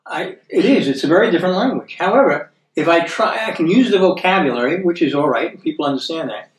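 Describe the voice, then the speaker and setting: An American man giving conversational Bible teaching, checking in with listeners through tag questions like "okay?" and slowing down to read scripture aloud. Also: a little high, expressive. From United States. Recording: echoey room, voice from a distance.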